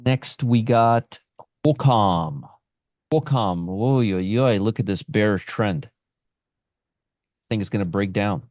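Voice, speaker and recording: A man's voice: fairly low pitch, takes it slowly, long pauses, darkish tone, dry recording, clean studio sound. A man hosting a live stream on options trading, brash and sarcastic, answering viewers from the chat by name.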